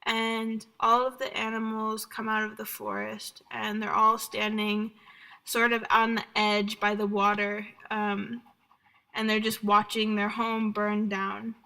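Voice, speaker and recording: Bright, gravelly-voiced woman telling a story. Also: medium pitch, little pitch movement, unhurried, rough recording. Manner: laughs often, storytelling. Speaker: podcast guest. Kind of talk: casual interview chat.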